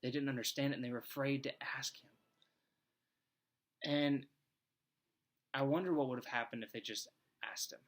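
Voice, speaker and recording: A man's voice: medium pitch, steady tone, moderate pace, pauses often. Earnest man giving a Bible devotional. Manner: earnest and conversational, thinking aloud. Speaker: devotional speaker. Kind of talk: Bible reading and devotional reflection.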